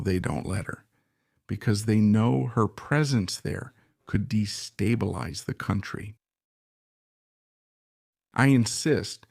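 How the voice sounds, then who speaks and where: Gravelly man giving emphatic commentary. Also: fairly low pitch, darkish tone, dry recording, studio quality. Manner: emphatic, repeats points and fires rhetorical questions. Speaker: political commentator. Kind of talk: opinionated current-affairs commentary.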